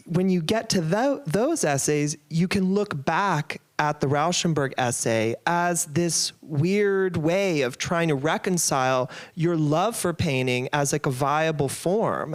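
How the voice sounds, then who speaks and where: A young man interviewing a writer, phrasing his questions loosely with many "like"s and fillers. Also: on the high side.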